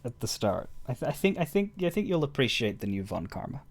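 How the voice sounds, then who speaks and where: Rambling streamer man, chatty and animated. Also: medium pitch, fast, husky. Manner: rambling, stammering, chuckling to chat. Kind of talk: casual stream chat.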